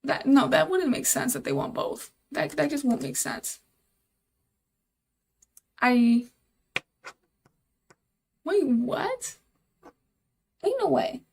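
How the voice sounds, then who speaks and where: A woman's voice: sits high, animated, slow, vocal fry, pauses often, darkish tone, slight background noise. A young woman live-streaming while she codes, thinking aloud, repeating herself, and talking to her chat in casual, easily exasperated chatter.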